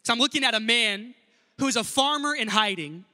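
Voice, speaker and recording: A man's voice: very high-pitched, lively intonation, normal speed, bright, forceful tone, long reverb tail. A male pastor preaching an earnest sermon in a church and speaking directly to the congregation. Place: church sanctuary.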